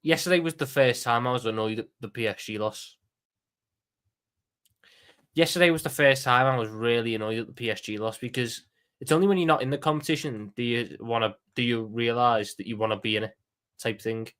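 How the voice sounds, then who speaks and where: Speaking at a brisk clip, this Scouse-accented host from Liverpool, England keeps his live watchalong chatter casual and lively, swearing often and repeating himself. The pitch is medium, the tone fairly bright and clean.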